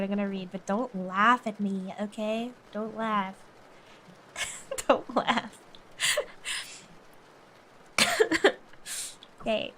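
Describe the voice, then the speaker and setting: A woman's voice: mid-range voice, fairly bright tone, slight background noise. A woman streamer chatting casually and reading aloud, often breaking off to giggle.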